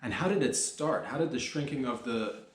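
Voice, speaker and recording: A man's voice: mid-range voice, moderate pace. Rambling profane man in an echoey room. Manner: animated, mock-alarmed outbursts, profane slang. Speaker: comedy podcast host. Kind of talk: rambling comedic monologue.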